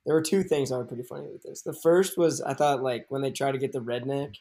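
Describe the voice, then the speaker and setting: A man's voice: mid-range voice, quick pace. A young man hosting a podcast, chatting casually with many fillers and acting out movie lines in funny voices. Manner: animated, quotes movie lines in put-on voices; many fillers, laughs often. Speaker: podcast host. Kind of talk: casual chat.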